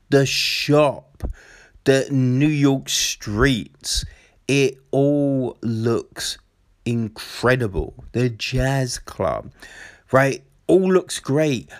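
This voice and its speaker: Man, casual film reviewer, unhurried, profane and rambling, gets excitable, mid-range voice. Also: mid-range voice.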